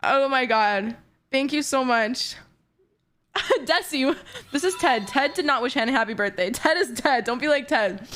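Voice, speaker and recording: High-voiced, gushing young woman streamer. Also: a little slow, slight background noise. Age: 20s. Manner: excitable, gushing, giggly. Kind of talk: casual live-stream chat.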